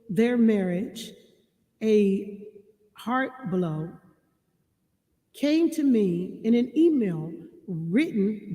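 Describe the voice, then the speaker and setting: A woman giving relationship advice to her viewers, reading passages and repeating key lines slowly for emphasis. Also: a little high, dark tone, in a large hall. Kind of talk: reading and commenting on a marriage book.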